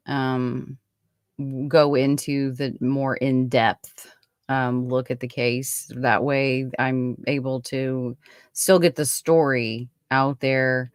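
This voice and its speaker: A woman's voice: extremely low pitch, clean tone, no echo, studio quality. A woman hosting a true-crime podcast, reading her own write-up of a case in a casual way, with chatty asides and frequent fillers. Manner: chatty, many fillers and restarts between read passages.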